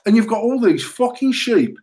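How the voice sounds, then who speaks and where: Man, casual podcast co-host, high and lively voice, swears a lot. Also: moderate pace, a little hiss or hum, low-quality recording. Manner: sweary, excitable, animated, laughs often. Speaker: podcast co-host, mod company owner.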